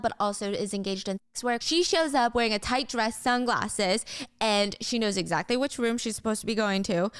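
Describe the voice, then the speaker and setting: A woman giving a casual, gossipy, animated recap of a drama's plot. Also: medium pitch, clear, resonant tone, no echo, clean studio sound.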